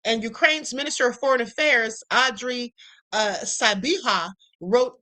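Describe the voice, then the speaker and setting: A woman's voice: mid-range voice, a bit bright. A woman hosting a live stream, reading news headlines aloud and adding chatty, sassy asides.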